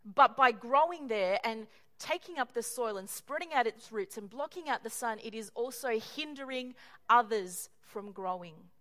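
Woman preacher, high voice, lively sermon delivery, playful asides, acts out voices. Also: normal speed. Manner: animated, acts out quoted voices with humorous asides.

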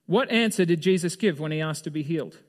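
A man's voice: fairly high pitch, fast talker. A man preaching a sermon as a pastor in a loose, conversational way. He asks his listeners questions and often restarts or trails off mid-sentence.

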